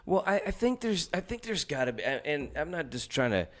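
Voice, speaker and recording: A man's voice: fairly high pitch, very animated, brisk, fairly bright tone. Stammering, profane man in casual chat. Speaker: podcast host.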